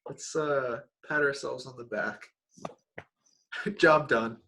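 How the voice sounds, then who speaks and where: A man's voice: medium pitch, slow, pushed and bright, a little hiss or hum. A young man hosting a casual podcast chat, rambling with many fillers and restarts. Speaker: podcast host.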